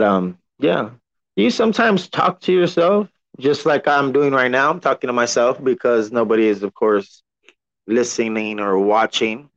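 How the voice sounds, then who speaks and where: Male podcast host, relaxed rambling monologue, heavy cussing, muffled lo-fi recording. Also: on the low side. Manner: relaxed, rambling, cusses a lot. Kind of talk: casual solo podcast talk. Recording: dull lo-fi sound.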